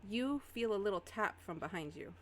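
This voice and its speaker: A woman's voice: mid-range voice, lively intonation, fairly quick, a little hiss or hum. A woman narrating a tabletop game as game master in a casual, hesitant way.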